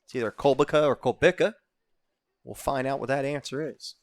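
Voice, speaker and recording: A man's voice: steady tone, fast. Man, baseball play-by-play announcer, jokey, lifts his voice on big plays. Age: older. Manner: jokey, rises in pitch and volume on plays.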